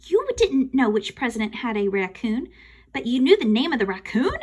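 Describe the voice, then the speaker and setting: A woman's voice: fairly high pitch, very animated, moderate pace, a little mellow, breathy edge. Woman doing a cheeky clueless schoolboy. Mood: puzzled.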